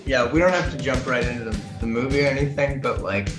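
A man's voice: mid-range voice, fast, echoey room, over music. Laughing, jokey podcast co-host man. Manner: jokey, laughing, trailing restarts. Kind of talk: casual podcast chat.

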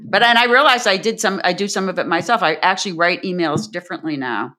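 A woman's voice: on the low side, fast talker, pushed and bright. A woman scientist telling anecdotes in a chatty, conversational interview. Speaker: senior scientist.

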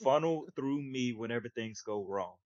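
A man's voice: normal speed, crowd noise. A young man co-hosting a podcast, telling a story in casual slangy chat and acting out the quotes. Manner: animated, acts out quotes with big pitch jumps, slangy. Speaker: podcast co-host. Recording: dull lo-fi podcast audio, dry.

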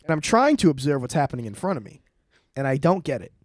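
A young man in casual podcast chat, telling a rambling, animated story and swearing often. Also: a little high, quick pace, no echo, clean studio sound. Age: young adult. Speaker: podcast co-host.

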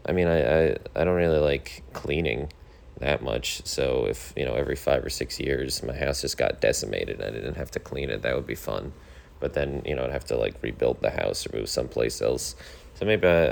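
A thirty-year-old man hosting his own podcast, rambling through a casual monologue in a deadpan, complaining way, with lots of fillers. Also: very deep voice, gravelly. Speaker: podcast host.

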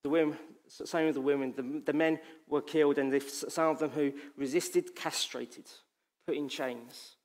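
Impassioned male preacher, slightly high voice. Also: fairly even intonation, normal speed, darkish tone. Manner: impassioned, emphatic, repetitive. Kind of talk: sermon.

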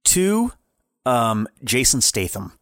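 A young man co-hosting a podcast, talking loosely and excitably, often laughing. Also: medium pitch, slow, no echo, studio quality. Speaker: podcast co-host. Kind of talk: casual chat.

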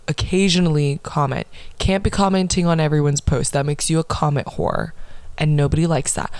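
A young woman in her early twenties hosting a podcast, ranting in casual chat with a sarcastic, profane and animated manner. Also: low voice, dry recording. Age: early 20s. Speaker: podcast host.

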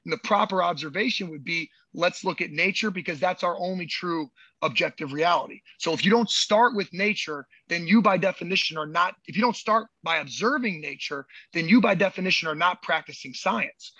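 A man's voice: high-pitched, fairly quick, few pauses, sharp tone, breathy edge, dry recording, muffled recording. A man who works as a movement coach, talking in a casual podcast chat, emphatic and profane and repeating words as he gets fired up.

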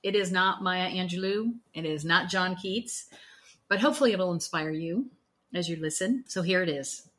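Low-voiced woman hosting a faith show. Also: normal speed, fairly bright tone. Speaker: host. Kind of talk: Christian talk show.

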